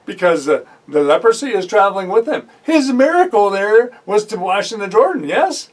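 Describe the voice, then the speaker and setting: A man preaching with a high, lifted voice, retelling a scripture story and slipping into the voices of its characters. He hammers points home through repetition. The recording catches him from a distance, away from the mic. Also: moderate pace. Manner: animated storytelling, acting out the voices of biblical figures; drives points home by repeating phrases. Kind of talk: sermon.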